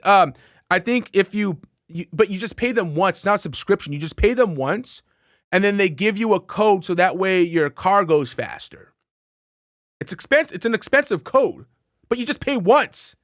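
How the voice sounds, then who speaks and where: A man's voice: high voice, fairly bright tone, no echo, clean studio sound. A man hosting a casual political commentary podcast, swearing freely, laughing often and reading headlines aloud. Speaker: podcast host.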